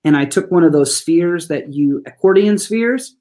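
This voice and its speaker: A school staff member who works with children, telling stories in an interview in an animated, folksy way and addressing listeners as "y'all". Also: mid-range voice, normal speed. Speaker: school trauma-informed support staff. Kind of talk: storytelling in an interview.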